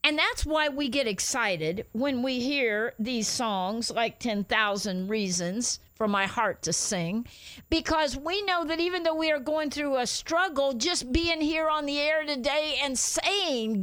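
A woman pastor hosting a radio ministry show, praying and preaching in a fervent, drawn-out way. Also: high voice, fairly bright tone, clean tone, dry recording. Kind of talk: radio ministry talk and prayer. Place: radio studio.

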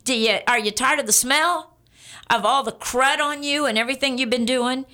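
A tender, coaxing God, put on by a woman preacher, calls out to a wandering child in a lifted, bright voice. The figure asks gentle, probing questions and reassures. The part is acted within a sermon. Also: high-pitched, moderate pace. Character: tender loving God calling to a lost child.

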